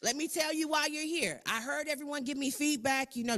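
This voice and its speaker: Animated Southern woman leading a workshop. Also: sits high, fairly quick. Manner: animated, call-and-response, repeats herself. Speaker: workshop facilitator. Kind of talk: energetic workshop facilitation. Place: conference room with audience.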